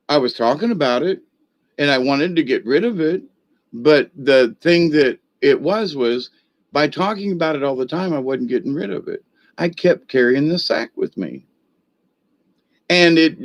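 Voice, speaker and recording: A man giving a casual spiritual talk, telling stories in a rambling, folksy way with blunt, coarse language. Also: medium pitch. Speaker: spiritual teacher. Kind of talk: casual spoken teaching.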